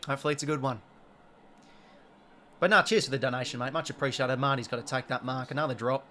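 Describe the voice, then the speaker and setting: A man's voice: medium pitch, fairly even intonation, quick pace, sharp tone. A young Australian man hosting a live sports watch-along, chatting casually and reacting to the play. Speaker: live stream host.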